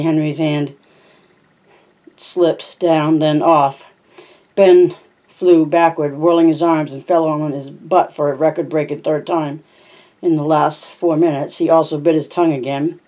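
A homemade audiobook narration at a middle pitch with a warm, dark tone. The reader trips over words now and then and backs up to fix them. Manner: frequent stumbles and self-corrections. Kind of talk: reading a novel aloud.

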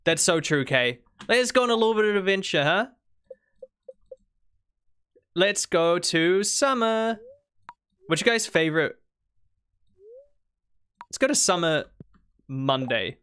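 A young woman with a mild New Zealand accent talks casually on a gaming livestream. She rambles, restarts her sentences and teases her viewers in a relaxed, chatty way. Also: on the low side, measured pace, long pauses, clean tone. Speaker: streamer.

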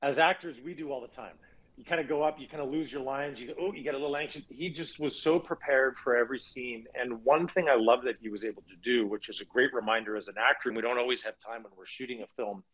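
A man's voice: mid-range voice, steady tone, fast, fairly bright tone, slightly rough, rough recording. A man, an actor, telling stories from a film set in a casual virtual cast chat.

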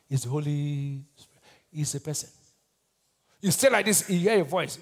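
A man's voice: a little high, brisk. Nigerian pastor quizzing his congregation. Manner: call-and-response, quizzing the congregation; swings between loud declarations and hushed lines. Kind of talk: sermon.

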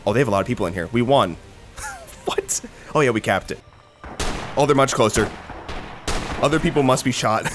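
A young man doing casual, excitable gameplay commentary, rambling, swearing and laughing between remarks. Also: medium pitch, fairly quick, long pauses. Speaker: gaming commentator. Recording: noisy with game gunfire behind. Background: gunfire and artillery from the game.

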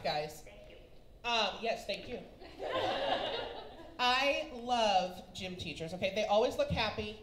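Kansas lady doing standup, teasing the crowd, voice all over the place, echoey club w loud laughs. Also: mid-range voice, lively intonation, slow pace, pauses often, heavy background noise. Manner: brassy, teasing crowd work, calls the audience baby and honey. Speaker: stand-up comedian. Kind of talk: stand-up comedy set. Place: comedy club stage with a laughing audience.

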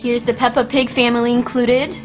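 A woman's voice: on the high side, level tone, a little fast. A woman narrating a toy demonstration in an enthusiastic show-and-tell manner, as a voice-over over background music. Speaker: toy reviewer.

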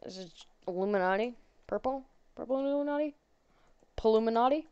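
A woman's voice: fairly high pitch, fairly quick, darkish tone, clear, resonant tone, no room sound, muffled recording. A woman playing a horror game and commenting on it, sarcastic and jokey, chatting to the characters on screen. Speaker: gaming channel host.

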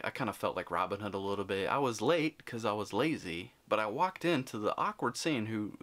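A man vlogging, telling a story in an animated, chatty way and acting out the people in it. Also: fairly low pitch. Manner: animated, chatty, acts out quotes. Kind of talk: casual storytelling.

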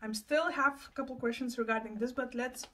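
A young woman vlogger chatting casually while unboxing gifts, excitable and full of gasping exclamations. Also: on the high side, brisk, a little hiss or hum. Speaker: plant and lifestyle vlogger.

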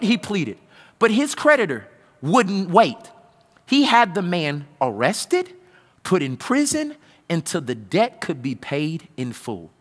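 High, animated preaching man, big hall. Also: slow. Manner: preaching with sudden loud outbursts and hushed low passages. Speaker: pastor. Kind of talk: sermon. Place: large church hall.

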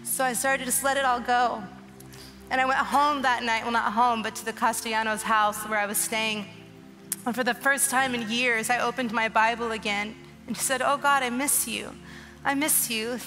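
Bright-voiced woman preaching in a big hall. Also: fairly high pitch, flat delivery, normal speed. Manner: emotional, earnest, preaching with rising urgency. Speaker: guest speaker. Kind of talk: testimony sermon at a church conference. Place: large church auditorium. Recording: long hall reverb with soft music behind.

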